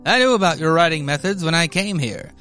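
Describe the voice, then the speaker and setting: A man voicing a chained male captive who speaks calmly and slowly, read aloud from a comic. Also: on the high side, faint music behind, pitched above the performer's own voice. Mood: smug. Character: chained male captive, calm and quietly smug.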